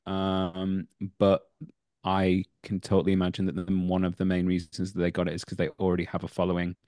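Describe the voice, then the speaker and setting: A man in his thirties, an actor guest, chats in a casual, rambling way, circling back and correcting himself. His voice sits low, and the recording is close and dry. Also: completely flat delivery, brisk, darkish tone, no room sound. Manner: rambling, many fillers and restarts, self-correcting. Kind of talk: casual interview chat.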